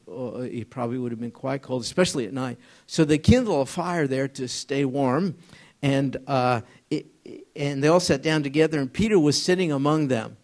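A man teaching an informal Bible study to a small group, conversational and halting, often asking them questions. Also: mid-range voice, darkish tone.

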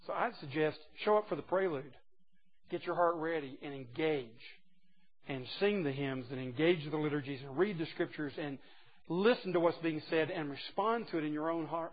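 A man preaching a sermon to a group of men, emphatic and folksy, dropping from loud exclamations to hushed asides. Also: fairly high pitch, muffled recording. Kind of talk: sermon to a men's gathering.

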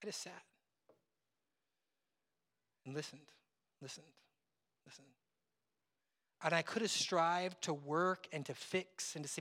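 A man pastor preaching a conversational sermon, acting out bits of dialogue and dropping from loud to hushed. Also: on the high side, measured pace, long pauses. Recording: long hall reverb.

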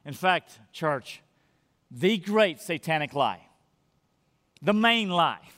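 A man preaching a sermon as pastor, earnest and emphatic, often dropping to a soft near-whisper. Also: fairly high pitch, lively intonation, slow pace, long reverb tail.

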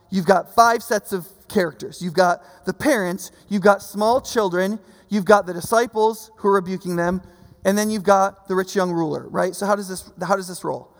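A male pastor delivering a casual, animated sermon, his voice high-pitched with a gravelly edge. He slips into the voices of the people he quotes. His words ring out with a long reverb from a large hall. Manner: conversational, animated, acts out quotes.

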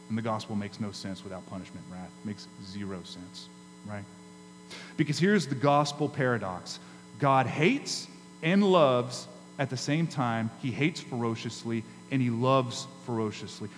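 A man's voice: mid-range voice, soft background music. Man preaching in a reverberant hall. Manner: emphatic preaching with dramatic pauses and rises. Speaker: pastor. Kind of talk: sermon. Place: church sanctuary. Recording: hall reverb with faint mains hum.

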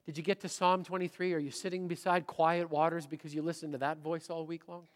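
A middle-aged man preaching a sermon as pastor, swinging between loud emphasis and a near-whisper. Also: fairly high pitch, flat delivery, fast. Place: church sanctuary. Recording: long hall reverb.

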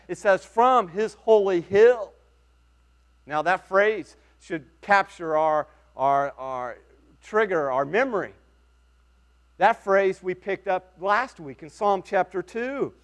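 A man preaching a sermon as pastor, earnest and emphatic, with dramatic pauses. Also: sits high.

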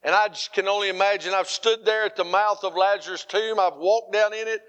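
A middle-aged male pastor preaching an animated sermon, moving between loud, emphatic lines and softer, quiet ones. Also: high-pitched.

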